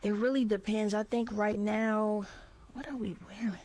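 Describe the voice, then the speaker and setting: A woman's voice: medium pitch, normal speed. A young woman from Chicago with a Chicago accent, chatting casually and slangily as an interview guest. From Chicago, USA. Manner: relaxed, slangy, laughs easily.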